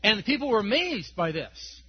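Male preacher, high-pitched, slightly husky, chatty and chuckling, dull lo-fi sound. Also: very animated, moderate pace. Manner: conversational, tells stories with chuckles. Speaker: pastor. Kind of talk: sermon.

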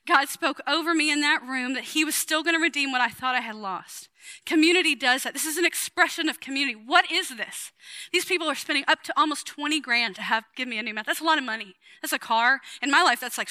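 A woman in her forties preaching to women in a chatty, emphatic way, with sudden loud bursts of energy. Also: high-pitched, no room sound. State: sweating. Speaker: women's ministry speaker. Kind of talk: sermon.

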